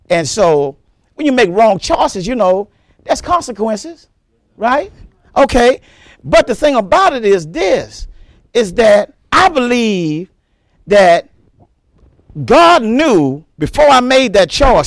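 Male pastor, high voice, lively swoops, emphatic repeated phrasing, dry sound. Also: no room sound. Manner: emphatic preaching, repeats words, breaks into shouts. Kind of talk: sermon.

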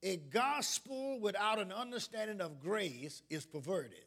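A man's voice: high voice, lively intonation, a little slow, a bit bright. A man preaching a sermon as pastor, calling out questions to his congregation and building up to emphatic points. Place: church sanctuary.

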